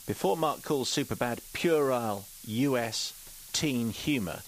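A man's voice: mid-range voice, lively intonation, a little slow. A radio host in the middle of his range, dry and teasing as he reads out listener emails. A faint hiss lies under his voice. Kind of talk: radio show hosting, reading listener messages.

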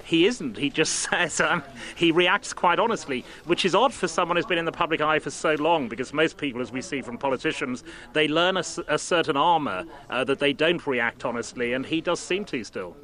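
Bright-voiced radio interviewer. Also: male voice, fairly high pitch, fairly quick. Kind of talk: radio discussion.

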